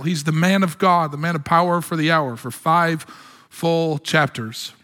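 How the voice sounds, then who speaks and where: Pastor guy preaching hard, bright high voice, big hall echo. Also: moderate pace. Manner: impassioned preaching, rising to exclamations. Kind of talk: sermon. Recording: long hall reverb.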